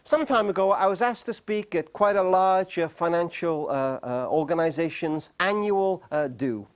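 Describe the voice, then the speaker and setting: A middle-aged man with a notably high, clean-toned voice gives a storytelling talk to a live audience as a speaker on marriage. He speaks earnestly, slowing on key words and leaving emphatic pauses for weight.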